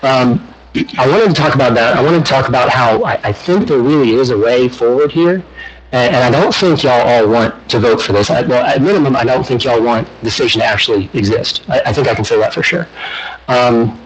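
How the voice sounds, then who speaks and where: A man speaking during public comment at a county meeting. He is out of breath and talks in an earnest, halting way, with many fillers and restarts. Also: mid-range voice, crowd noise, poor audio. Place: county commission meeting room.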